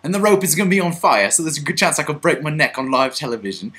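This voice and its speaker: A man's voice: fairly high pitch, expressive, fast, pushed and bright. A man voicing a pompous, self-styled British lord who gushes theatrically, recorded on a webcam for a vlog. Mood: gushing.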